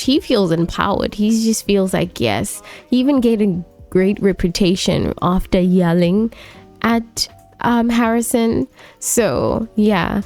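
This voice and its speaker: A woman's voice: medium pitch, a little mellow. A woman giving casual, chatty commentary on a life-sim game story, full of fillers. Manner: chatty, filler-heavy, laughs often. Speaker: let's play host.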